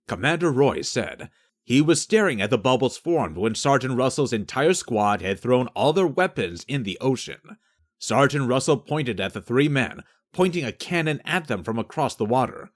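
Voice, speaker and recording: A man narrating a science fiction audiobook in a steady storytelling manner. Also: mid-range voice, moderate pace.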